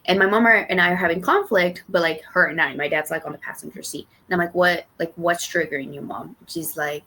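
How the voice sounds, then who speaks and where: A woman's voice: lowish voice, a little fast, few pauses, pushed and bright. A young woman telling a personal story on a podcast, rambling with many fillers and restarts and casual swearing. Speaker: podcast co-host.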